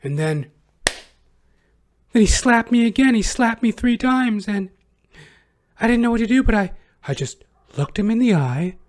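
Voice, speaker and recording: A halting, mocking woman's voice , put on by a man, pitched well above his own. It pauses and fills with ums as it tells its account. The impression is sarcastic throughout. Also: animated. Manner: halting, hesitant, full of ums.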